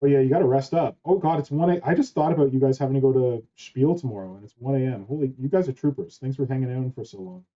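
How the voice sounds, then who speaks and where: Speaking fast with hardly any pauses, this host has a medium-pitched voice and a dark tone. He rambles and curses casually through an online chat, captured on the wrong mic with a dull lo-fi sound.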